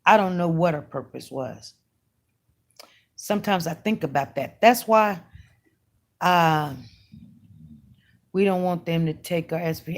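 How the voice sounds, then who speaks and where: Slow-talking woman telling a story. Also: fairly low pitch. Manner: chatty, emphatic, talks straight to her audience. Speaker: online news commentator. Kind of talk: casual storytelling to viewers.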